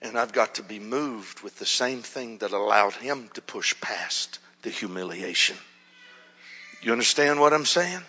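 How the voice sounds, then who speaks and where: A male pastor telling stories in a sermon, dropping to a hush and then rising loud and animated. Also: fairly low pitch, unhurried, slightly rough. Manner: animated storytelling, swings from hushed to loud. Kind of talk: storytelling sermon. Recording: muffled hall reverb.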